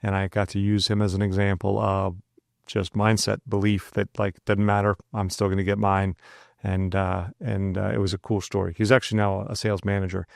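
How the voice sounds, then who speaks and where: A man co-hosting a podcast with a gravelly, somewhat low voice, telling anecdotes in a loose, chatty way. He acts out the back-and-forth of the dialogue in his own voice, with plenty of asides. The recording is dry and close. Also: level tone, brisk, no room sound. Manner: loose and conversational, with frequent asides. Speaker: podcast co-host. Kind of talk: casual storytelling chat.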